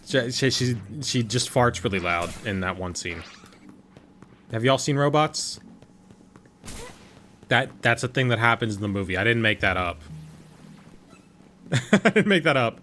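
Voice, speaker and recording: A man streaming a game, chatting casually and joking in quick, rambling asides to his viewers. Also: medium pitch, expressive, bright, forceful tone, faint music behind. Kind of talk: casual livestream chat while gaming.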